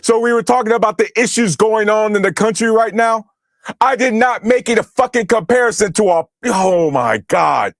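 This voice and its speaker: Brief: young male streamer, high voice, angry profane rant, dry close mic. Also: steady tone, a little fast, dry recording. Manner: angry, profane, shouting at chat. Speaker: streamer reacting to chat. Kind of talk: heated political livestream rant.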